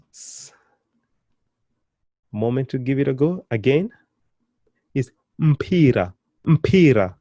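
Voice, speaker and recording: A man teaches a beginner language lesson, often praising learners and slowly repeating words for them to copy. His pitch and loudness leap suddenly and lively. The recording is dry with lo-fi sound.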